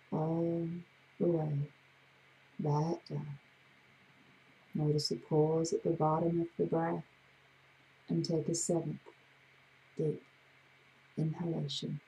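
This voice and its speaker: A woman hypnotherapist with a gravelly voice, leading a slow, soothing guided breathing exercise. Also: lowish voice, dark tone, rough recording. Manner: slow, soothing, drawn-out guidance.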